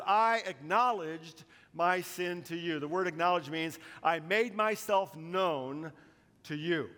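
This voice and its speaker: A middle-aged man preaching a sermon as a pastor, telling stories with swings between hushed and emphatic delivery. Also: a little high. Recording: long reverb of a large hall.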